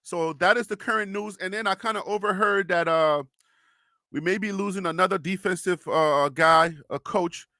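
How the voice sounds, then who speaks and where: A man's voice: high-pitched, normal speed, pushed and bright, dry recording, studio quality. A young man hosting a casual sports live stream, chatting loosely and reading viewer comments aloud with frequent laughs.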